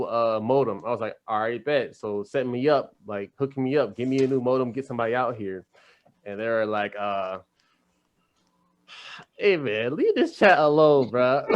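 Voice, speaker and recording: A man hosting a podcast, telling a long, animated story full of slang in casual chat. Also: mid-range voice, dull audio. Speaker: podcast host.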